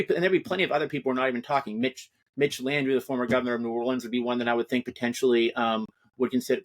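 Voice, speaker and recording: A man giving an animated, discursive account as an interview guest discussing politics. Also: medium pitch. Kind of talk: casual interview talk.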